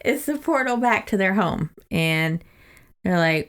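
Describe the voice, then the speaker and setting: In a casual book-club chat, this podcast co-host, a young adult woman, walks through a book's plot and tosses in loose quoted asides. She speaks unhurriedly at medium pitch, with lively intonation and a fairly bright tone.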